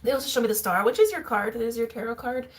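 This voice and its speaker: A woman's voice: on the high side, fast. Chatty woman doing a tarot reading. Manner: chatty and musing, with fillers and soft laughs. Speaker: tarot reader. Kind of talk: casual tarot reading monologue. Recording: faint background noise and clicks.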